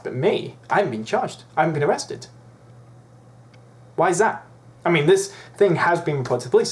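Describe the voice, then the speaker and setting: A man's voice: mid-range voice, slight background noise. A young man ranting in a vlog, profane, indignant and rambling. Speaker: YouTuber.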